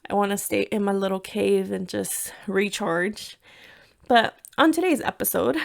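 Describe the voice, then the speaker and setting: A woman's voice: medium pitch, expressive, unhurried, creaky. A woman in her thirties from the United States, hosting a casual solo podcast and telling stories in a chatty way, full of "like" and slipping into Spanish. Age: 30s. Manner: chatty, lots of "like", drops into Spanish. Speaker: podcast host.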